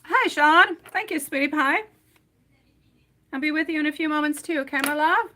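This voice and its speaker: A woman with a high, bright, forceful voice gives a live-stream tarot reading at a moderate pace. Warm and chatty, she calls viewers pet names like "sweetie" and "my love," breaking into bits of song as she shuffles.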